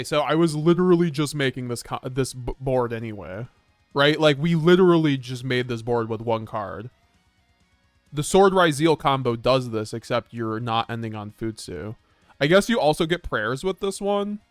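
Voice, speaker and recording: A man's voice: medium pitch, animated, normal speed, no room sound, soft background music. A man streaming a card game live, chatting casually to his viewers and often restarting mid-sentence with little chuckles. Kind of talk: live-stream gameplay commentary.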